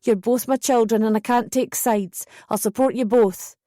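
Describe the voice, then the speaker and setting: A woman narrator puts on a harsh mother who screeches and spits her words, loud and pitched up. The voice stays dry and close, read for an audiobook. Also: steady tone, moderate pace, dry recording, close to an everyday voice. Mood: cold. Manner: shouting, spitting scorn. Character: angry middle-aged mother, harsh and defensive.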